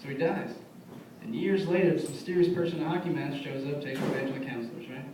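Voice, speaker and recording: Performing a stand-up set at a bar music venue, this young man speaks quickly in a slightly high, steady voice, telling casual stories and voicing his friends' quotes. It's recorded on a far-off, echoey room mic, and the noisy room is full of audience laughter.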